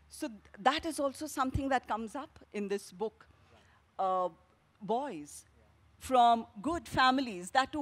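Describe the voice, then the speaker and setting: A woman novelist with an Indian English accent, speaking thoughtfully on a festival panel with many pauses and fillers. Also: a little high. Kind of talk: panel discussion and reading from her novel.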